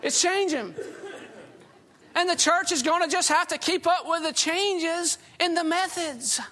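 A man's voice: very high-pitched, measured pace, pushed and bright. A man preaching a sermon in a folksy storytelling way, often chuckling as he talks.

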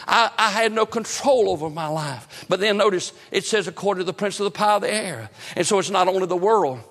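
Man, preacher, fervent repetitive sermon cadence, high voice, long hall reverb. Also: fairly quick, fairly bright tone.

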